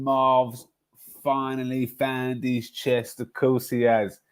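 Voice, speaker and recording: A man's voice: medium pitch, level tone, slow, clear, resonant tone. A man hosting a casual football livestream, chatty and rambling, often laughing at his own stories. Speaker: livestream host.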